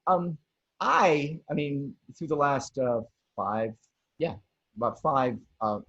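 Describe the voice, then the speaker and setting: A man hosting a casual chat over a video call, rambling with lots of restarts and animated bursts. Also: mid-range voice, slow, breathy edge. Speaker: podcast host. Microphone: video call mic. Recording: dull lo-fi video call audio.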